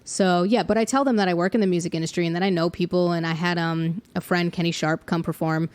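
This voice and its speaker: A woman's voice: fairly low pitch, fairly even intonation, quick pace, a little mellow. A young adult woman, a songwriter and middle school music teacher, chatting casually on a podcast and thinking aloud with fillers and small laughs.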